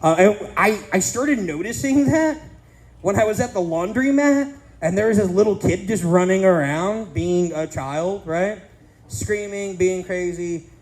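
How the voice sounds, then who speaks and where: Brief: male stand-up comic, thirties, fairly high voice, crude self-mocking set, punchy timing. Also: measured pace, a little mellow, poor audio. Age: 30s. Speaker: stand-up comedian. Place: casino comedy stage.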